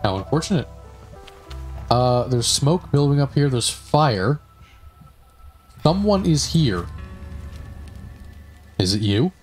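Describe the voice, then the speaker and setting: A man's voice: medium pitch, expressive, unhurried, soft background music. A man chatting casually as he plays a game, rambling through stories with lots of fillers and asides. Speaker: gaming streamer. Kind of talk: casual gameplay commentary.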